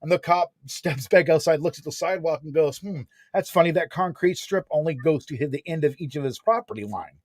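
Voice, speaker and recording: Animated, slangy man in his forties. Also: on the high side, brisk, hardly any pauses, breathy edge, dry recording. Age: 40s. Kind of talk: casual storytelling.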